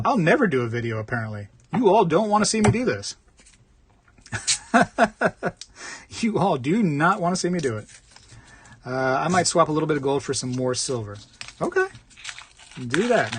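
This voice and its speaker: A man's voice: mid-range voice, fairly bright tone, a little hiss or hum. A man hosting a casual livestream from the United States, rambling while he reads comments, repeating himself and laughing often. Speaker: coin roll hunting livestream host.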